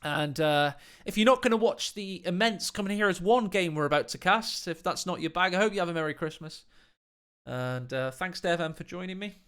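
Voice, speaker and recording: A man commentating a strategy video game as host, animated and prone to loud excited outbursts. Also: high voice, a little fast, clean tone. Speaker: game caster, channel host.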